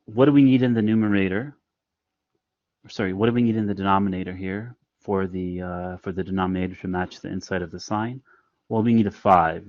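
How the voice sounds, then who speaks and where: A man's voice: low-pitched, no echo, highs cut off. A man explaining a math lesson in an online class, patient and step by step with frequent fillers. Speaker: math instructor. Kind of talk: online lecture.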